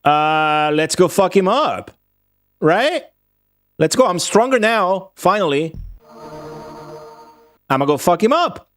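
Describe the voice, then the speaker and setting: A young man streaming a strategy game, talking to viewers in excitable commentary full of swearing. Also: high-pitched, slow pace, long pauses, no room sound. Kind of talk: casual gameplay commentary.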